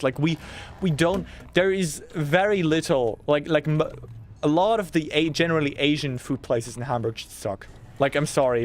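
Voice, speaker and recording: A young man, chatting casually and ranting excitedly to his chat while streaming a game, swearing freely. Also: mid-range voice.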